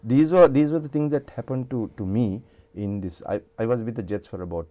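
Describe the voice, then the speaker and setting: Brisk and dark-toned at medium pitch, an older man with a Sri Lankan English accent, a singer, shares rambling stories full of restarts in a casual television studio interview.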